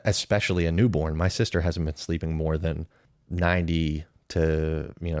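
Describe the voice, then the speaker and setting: A man's voice: deep voice, darkish tone, no room sound, studio quality. A man in his thirties giving casual, opinionated podcast commentary, weighing pros and cons in a conversational way. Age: 30s. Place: podcast studio.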